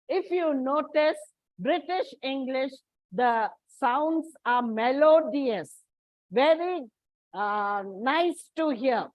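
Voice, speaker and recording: Woman from India, English teacher, high voice, unhurried lecture, dry and muffled sound. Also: no echo. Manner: explanatory, with frequent restarts and fillers. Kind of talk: classroom lecture.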